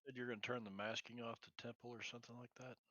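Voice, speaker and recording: A man's voice: medium pitch, level tone, fast, bright, forceful tone, no room sound. A man playing a tabletop game, talking casually and hesitantly with many fillers as he plans his character's moves. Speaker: player. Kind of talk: tabletop game play over voice chat. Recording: dull lo-fi sound.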